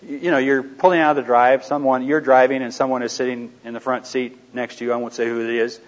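A man talks to a live audience in a middle-pitched, conversational voice, asking questions and slipping into quiet asides. The recording is dull and lo-fi. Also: flat delivery, fast talker. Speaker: seminar speaker. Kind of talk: anecdotal teaching to a live audience.

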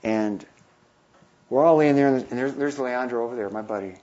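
A missionary in his fifties tells an animated anecdote, acting out the voices of the people in it. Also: mid-range voice, moderate pace, highs cut off. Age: 50s. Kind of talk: storytelling talk.

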